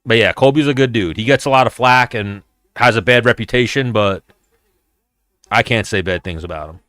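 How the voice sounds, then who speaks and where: Man, host, casual fight watch-along chat, rambling, profane, mid pitch, dry close sound. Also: normal speed, a bit bright, dry recording. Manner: rambling, loose and profane, addresses viewers.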